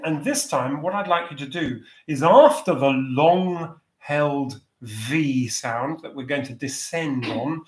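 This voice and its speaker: A man leading a choir's vocal warm-up over a video call, giving gentle, encouraging instructions. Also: a little high, echoey room.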